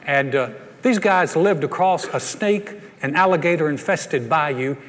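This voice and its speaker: Pastor in his sixties, folksy storyteller with a high voice, recorded in a reverberant hall. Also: measured pace. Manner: folksy storytelling, frequent stammered repeats. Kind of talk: sermon.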